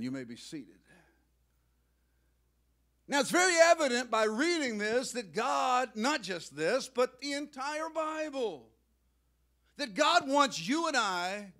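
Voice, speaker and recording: A male pastor preaching a sermon in a church, emotional and excitable, rising to loud outbursts. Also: very high-pitched, takes it slowly, pauses often. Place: church sanctuary.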